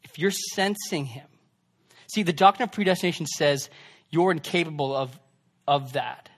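A young man preaching a sermon in a conversational way, swinging between loud emphasis and hushed asides. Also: fairly high pitch, moderate pace. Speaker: pastor.

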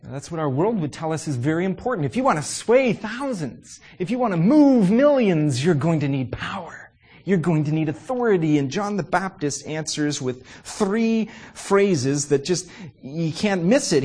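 A man preaching a sermon to his congregation. He is animated and emphatic, asks many rhetorical questions, and often pauses on "uh" fillers. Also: fairly high pitch, breathy edge.

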